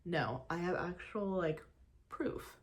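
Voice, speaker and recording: This faith vlogger talks slowly in a fairly low, animated voice during a relaxed get-ready-with-me chat at home. The young woman discusses faith and surrender, stumbling into frequent restarts and fillers.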